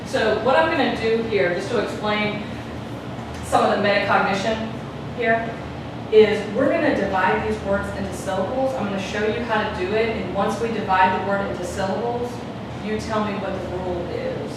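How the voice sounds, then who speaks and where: A woman's voice: mid-range voice, moderate pace. A woman teaching a class, asking her students questions and repeating the key points. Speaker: Spanish teacher. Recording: roomy, distant classroom recording with noise.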